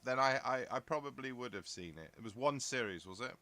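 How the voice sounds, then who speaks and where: A man's voice: medium pitch, animated, brisk, pushed and bright. A middle-aged man from southern England chatting casually on a live stream, rambling and musing aloud as he answers comments from his viewers. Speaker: live stream host reading chat. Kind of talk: casual live-chat talk.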